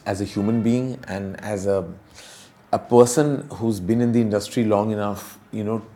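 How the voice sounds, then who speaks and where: A man's voice: fairly low pitch, dark tone. A middle-aged man with an Indian English accent, a film director speaking candidly and emotionally in an interview, full of fillers and restarts.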